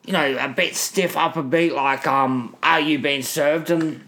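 A man's voice: on the high side, fairly even intonation, a little slow, bright, forceful tone. A man improvising a pompous, mock-posh English firefighter in a comedy role-play, full of put-on toff phrases.

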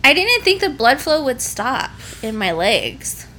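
A woman's voice: sits high, big pitch swings, a little slow, sharp tone, slight background noise. A pregnant young woman telling an embarrassing story in casual chat, laughing often and swearing freely.

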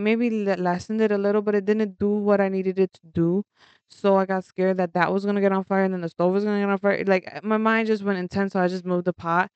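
A young woman telling a story in a casual vlog, animated and rambling, laughing often and swearing freely. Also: medium pitch, creaky, clean tone, dry recording, highs cut off.

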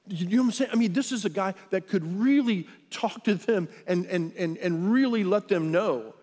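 Male pastor, sermon delivery, slightly higher voice, conversational, long hall reverb. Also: normal speed, hardly any pauses. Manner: conversational, with lively acted quotes.

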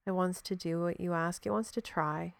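A woman's voice: on the low side, steady tone, moderate pace, vocal fry, no room sound. A woman hosting a podcast in a casual, reflective monologue. She speaks frankly, swears freely, laughs often and talks straight to the listener. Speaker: podcast host.

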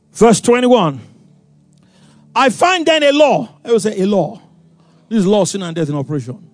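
A man preaching a sermon, animated and acting out voices, with sudden loud outbursts. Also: high voice, a little slow, pauses often, no room sound. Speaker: pastor.

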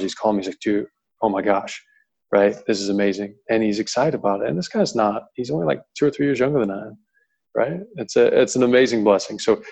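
Gravelly low voiced guy in his 30s, coach on a panel, earnest and rambly, kinda muffled lo-fi sound. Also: darkish tone. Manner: earnest, rambling with many fillers. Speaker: pitching coach. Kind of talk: panel discussion answer.

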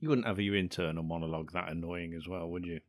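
A man's voice: deep voice, fast, dry recording, clean studio sound. A man co-hosting a podcast, full of sarcastic, mocking banter about a film. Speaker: podcast co-host. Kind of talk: casual film chat.

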